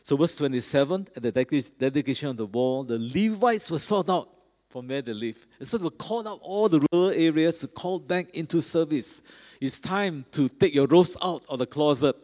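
A man preaching a sermon in a cathedral, earnest, often pausing with fillers and restarting his phrases. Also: fairly high pitch, lively intonation, darkish tone. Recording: long hall reverb.

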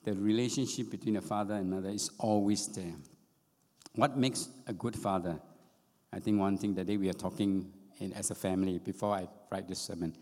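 A man's voice: sits low, steady tone, brisk, darkish tone. A middle-aged man, preaching a sermon in an earnest way and repeating phrases for emphasis. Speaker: pastor. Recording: long reverb of a hall.

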